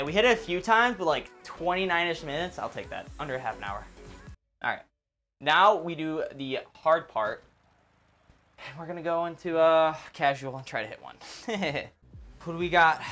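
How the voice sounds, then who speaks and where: A young man casually commentating his own gameplay, excitable and swearing a lot, yelling whenever he misses. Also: fairly high pitch.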